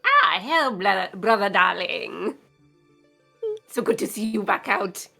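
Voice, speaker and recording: A fawning noble of a fey court gushes in a sharp, bright voice, as a game master puts it on. The voice crackles with gravel and leaps wildly in pitch, riding over faint music. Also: male voice, very animated, slow, exaggerated voice. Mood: gushing. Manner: gushing, affectionate drawl.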